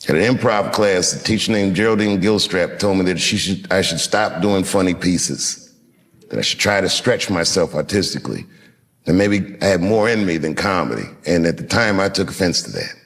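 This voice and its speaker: A man in his fifties from Washington, D.C., telling a reflective story to an audience in a measured, unhurried way with dramatic pauses. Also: deep voice, animated, a bit bright. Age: 50s. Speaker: comedian.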